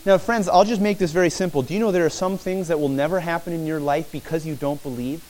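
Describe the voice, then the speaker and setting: Guy preaching a sermon, earnest, keeps saying friends, kinda high voice. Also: steady tone, fast talker, a little mellow, poor audio. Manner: earnest, repetitive preaching, addresses listeners as friends. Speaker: pastor.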